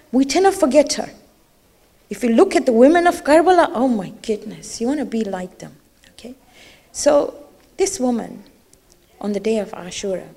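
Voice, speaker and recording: A middle-aged woman preaches with a high, clear voice, telling a sacred story with intense feeling. Her delivery swells into tearful, pleading passages and drops to hushed lines. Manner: emotional storytelling, rising to tearful pleas. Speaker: religious speaker. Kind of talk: sermon.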